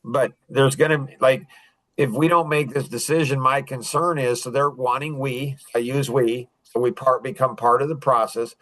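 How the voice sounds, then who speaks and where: A man teaching sales technique in a casual, animated way, acting out what to say to customers, with frequent restarts. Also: mid-range voice, normal speed, no room sound, poor audio. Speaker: sales coach.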